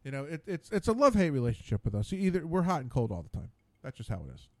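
A man's voice: a little high, huge pitch swings, quick pace, dry recording. A man hosting his own radio show, rambling casually alone at a studio mic, stammering and repeating words in exasperation.

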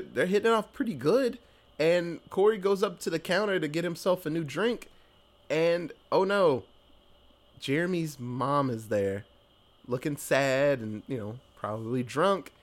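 A young man casually recapping a horror movie, swearing freely, laughing often and briefly acting out the characters' lines. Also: on the high side. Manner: loose and profane, acts out characters in quick voices, laughs often. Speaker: podcast co-host recapping a movie.

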